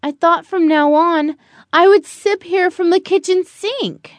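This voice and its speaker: A woman's voice: very high voice, a little slow, voice pushed up. Woman voicing a sweet little storybook girl. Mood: earnest. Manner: eager, sing-song, childlike. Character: small spill-prone girl, sweet and earnest.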